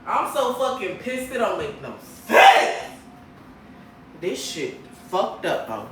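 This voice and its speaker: A woman from Michigan hosting a casual livestream, talking to her viewers in a blunt, profane, animated way. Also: lowish voice, slow, slight background noise. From Grand Rapids, Michigan, USA. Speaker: livestream host. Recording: roomy echo, faint background ambience.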